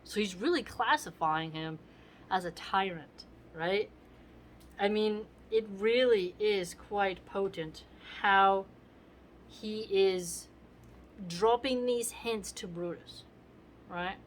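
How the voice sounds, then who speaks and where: A woman's voice: medium pitch, slow, slight background noise. A woman teaching literature, explaining a play in a conversational way and often checking in with the listener. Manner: conversational, asks "right?" often.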